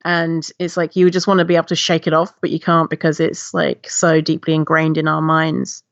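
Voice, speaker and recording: A woman guest telling her personal story with animation, acting out past reactions in a high voice. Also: monotone, brisk, dry recording, lo-fi sound. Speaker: podcast guest, body-image activist.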